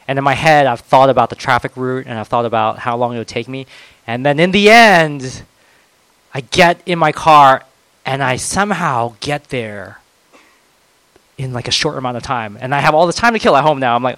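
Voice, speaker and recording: A man preaching a conversational sermon, swinging between loud, emphatic moments and soft, reflective ones. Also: mid-range voice, fairly quick, no room sound, rough recording.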